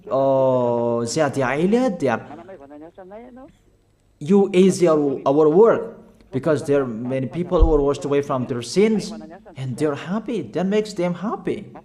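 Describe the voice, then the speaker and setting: A man preaching a sermon in halting, non-fluent English, urging his listeners with short, repeated calls. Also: on the high side, darkish tone. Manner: emphatic, repetitive exhortation in non-fluent English.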